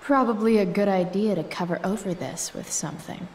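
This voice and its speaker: A woman's voice: medium pitch, brisk, a little mellow, recorded from a distance, slight background noise, lightly acted. An actress voicing a rebellious, sardonic teenage girl in a game, muttering dry remarks to herself. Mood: wry. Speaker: game character.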